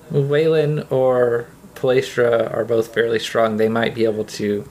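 A man narrating as the game master of a tabletop game, his voice sitting at a middle pitch. He talks in a relaxed, halting way, full of ums. He describes each scene step by step. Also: a little hiss or hum. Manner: relaxed, hesitant with fillers.

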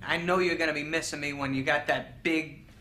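A man's voice: fairly high pitch, steady tone, a little fast, pushed and bright, a little hiss or hum. An actor playing a crude, mocking young man in a comedy film. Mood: taunting. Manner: taunting, crude.

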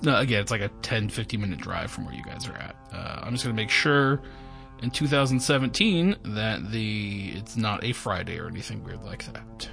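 A man running a tabletop game as game master, rambling and filling pauses with ums. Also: on the low side, gravelly, fairly bright tone, soft background music. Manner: rambling, many fillers.

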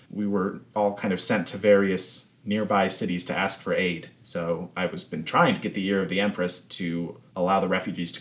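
A man's voice: deep voice, close to an everyday voice. A man playing a furious elf cavalry soldier. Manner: heated, cursing, blunt.

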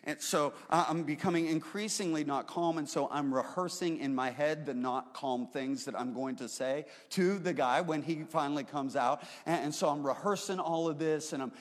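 A man preaching a sermon as the pastor, moving between relaxed storytelling and emphatic, raised declarations. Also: fairly high pitch, moderate pace, hardly any pauses. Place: church sanctuary. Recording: roomy hall reverb.

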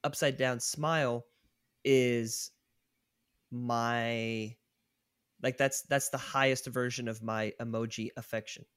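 A young man banters with friends on a podcast, animated and prone to loud bursts of laughter. The recording is dry and close, with no room sound. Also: mid-range voice, takes it slowly, pauses often, clean tone, no echo. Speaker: podcast co-host. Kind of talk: casual chat.

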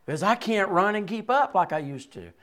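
A man in his sixties delivers a sermon, his fairly high voice leaping up in bursts and falling low and soft. He chuckles now and then between points. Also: a little fast. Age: 60s. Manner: animated preaching with sudden rises and drops. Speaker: pastor.

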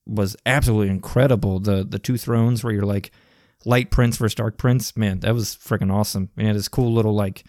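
A man's voice: lowish voice, darkish tone, no room sound, clean studio sound. A man co-hosting a casual chat, enthusiastic and rambling, with casual slang. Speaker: podcast co-host. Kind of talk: casual chat about video games.

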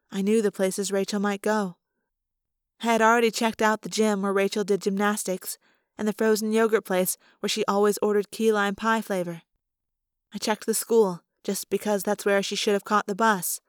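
A woman reading a first-person novel aloud with steady, expressive storytelling. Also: mid-range voice, dry recording, studio quality. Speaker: audiobook reader.

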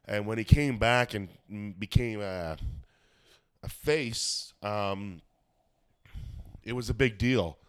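Man with a smooth, dry voice and a cold. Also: on the low side, takes it slowly, long pauses, a bit bright, no echo. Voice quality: smoker's cough. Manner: rambling, swears freely, many fillers. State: has a cold. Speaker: podcast host and stand-up comedian. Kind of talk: casual chat.

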